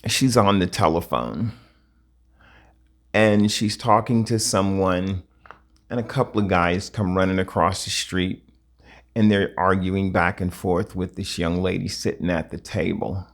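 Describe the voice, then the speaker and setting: Guy telling a story off the cuff, real slow, lots of pauses, kinda low voice. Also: steady tone. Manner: slow, halting delivery broken into short phrases. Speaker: vlogger. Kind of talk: casual personal storytelling.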